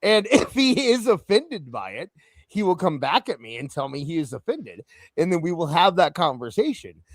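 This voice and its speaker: A man hosting a casual podcast, his slightly high voice swinging lively up and down. He jokes and rambles with plenty of fillers. The sound is dry and close. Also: moderate pace, no room sound. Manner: animated, joking, lots of fillers. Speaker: podcast host. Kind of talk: casual chat.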